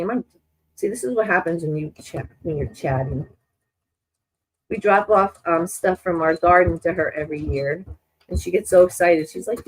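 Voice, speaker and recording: Woman, sewing-stream host: rambling, chatty, restarts a lot, a bit low, stuffy from a cold. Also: rough recording. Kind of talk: casual chat while sewing on a live stream.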